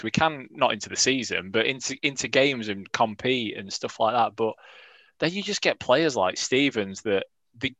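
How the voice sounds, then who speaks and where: A man's voice: medium pitch, lively intonation, moderate pace, fairly bright tone, no room sound. A man, co-hosting a football podcast and giving blunt, dry football talk. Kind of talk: casual chat.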